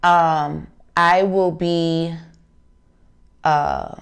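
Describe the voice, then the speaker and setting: A woman's voice: sits low, very slow, gravelly, clear, resonant tone. A woman, telling a personal story casually and earnestly, acting out remembered dialogue on her craft channel. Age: 40s.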